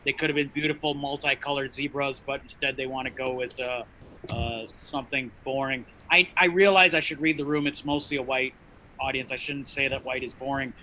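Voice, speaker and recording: A man co-hosting a comedy show, doing a rambling, self-mocking stand-up bit in a shrill, nasal voice. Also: steady tone, brisk, sharp tone, a little hiss or hum, poor audio. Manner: rambling, self-mocking jokes addressed to "you guys". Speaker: comedy co-host.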